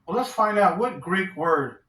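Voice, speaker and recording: Guy going thru bible verses like a sermon, bright forceful voice, kinda far from the mic, room echo. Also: high-pitched, lively intonation. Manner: reads verses aloud slowly, asks rhetorical questions. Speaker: Bible teacher. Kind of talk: scripture study sermon. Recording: roomy echo, distant from the mic.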